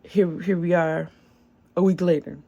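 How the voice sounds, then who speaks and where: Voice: mid-range voice, steady tone, measured pace, vocal fry, dark tone, dull audio. A young adult small business owner telling a long story in a casual vlog, chatty and slangy, with filler words and swearing.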